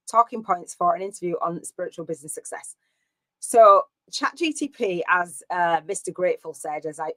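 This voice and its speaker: A woman's voice: lowish voice, a bit bright, no room sound. A woman coaching live on a stream, chatty and rambling with many fillers and restarts. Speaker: business coach.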